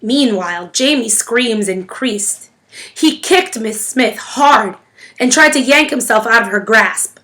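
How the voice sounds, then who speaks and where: A woman narrating a novel in the first person, with an expressive storytelling manner. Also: on the high side, slow. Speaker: audiobook reader.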